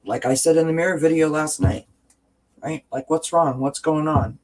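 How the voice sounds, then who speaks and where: A woman's voice: low voice, moderate pace, a little mellow, slight background noise. A woman hosting a casual livestream, reading viewer comments and talking through self-help ideas with frequent restarts and tag questions.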